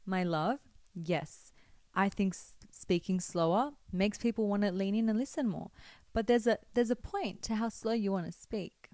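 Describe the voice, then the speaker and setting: A young woman talking to camera in a chatty, expressive way, giving faith-based advice with teasing asides to her viewers. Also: medium pitch, no room sound. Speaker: vlogger.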